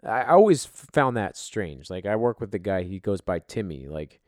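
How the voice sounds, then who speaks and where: A man hosting a casual podcast, animated and heavy on swearing. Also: on the low side, normal speed, no echo, clean studio sound. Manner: profane, animated, laughing. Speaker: podcast host. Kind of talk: casual chat.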